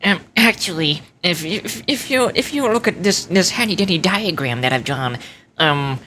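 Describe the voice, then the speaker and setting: A woman's voice: lowish voice, lively intonation, normal speed, noisy background, voice pushed down, lightly acted. A woman putting on the voice of a pedantic know-it-all nerd who stammers and hedges. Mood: smug. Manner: stammering, nasal "um, actually" delivery.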